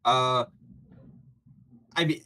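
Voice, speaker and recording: A man's voice: mid-range voice, drawn-out words, pushed and bright, a little hiss or hum. A man playing a tabletop game, casual and jokey. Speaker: player.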